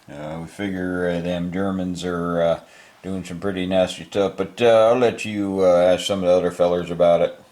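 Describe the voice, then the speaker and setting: A man's voice: low-pitched, little pitch movement, moderate pace, a little mellow, lightly acted. A man voicing an easygoing American general with a put-on Texan drawl, rambling and folksy.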